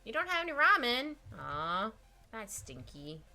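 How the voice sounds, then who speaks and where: Young woman, a giggly, rambling art streamer, lively pitch, soft music behind. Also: measured pace. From Canada. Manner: giggly, rambling, playful asides. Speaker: streamer drawing live. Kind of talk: casual chat while drawing. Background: faint music playlist.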